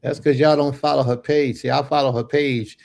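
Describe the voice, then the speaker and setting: A man hosting a religious livestream, animated and folksy, giving blessings and chatting with his viewers. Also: mid-range voice, moderate pace, vocal fry. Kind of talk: casual livestream chat.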